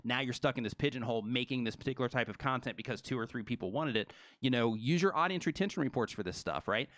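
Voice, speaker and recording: A man co-hosting a live stream, rolling along at a fast, energetic clip and packing his talk with "you know" and "right". His voice sits mid-range, and the close mic leaves it dry with almost no room sound. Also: mid-range voice, dry recording. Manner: fast, energetic, filler-heavy. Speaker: co-host.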